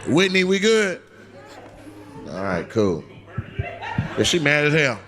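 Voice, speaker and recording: Taking it slowly in a slightly high, sing-song voice, a comedian does crowd work at a club, ribbing audience members with brash profanity through a handheld mic. The live recording is noisy.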